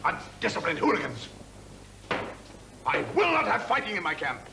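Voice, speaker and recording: An actor playing a bitter, contemptuous middle-aged RAF wing commander, barking orders at the men in a 1970s television drama. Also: male voice, a little high, lively intonation, moderate pace, background noise, close to an everyday voice. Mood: furious. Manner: barking, scornful officer's tirade. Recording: old TV film with loud music.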